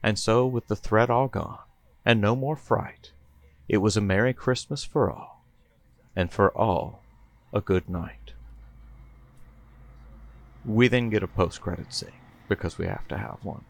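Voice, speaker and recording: Gravelly low-voiced man reading a comedy story. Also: unhurried, pauses often, dry recording. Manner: playful storyteller, chuckling between bits. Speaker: podcast host.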